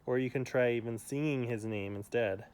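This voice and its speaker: A man's voice: medium pitch, moderate pace, darkish tone, slight background noise. A man outdoors reading homework instructions aloud and coaxing a child, stumbling over his words now and then. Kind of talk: playful family vlog. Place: outdoors by home.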